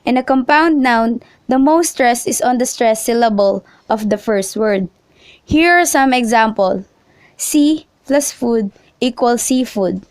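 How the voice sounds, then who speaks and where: A young woman reading a lesson script aloud, slowly spelling out letters and example words one by one. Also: a little high, no echo. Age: young adult. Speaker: student presenter.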